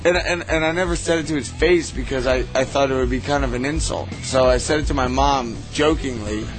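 A man's voice: medium pitch, brisk. A man in casual chat, telling rambling stories full of swearing and "dude". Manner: rambling, profane, says "dude" constantly. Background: music.

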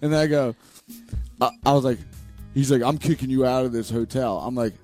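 A man with a mellow, warm voice spins a rowdy, profane story on a casual talk show. He acts out every back-and-forth with lively quoted voices, with faint music playing underneath. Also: medium pitch, fairly quick.

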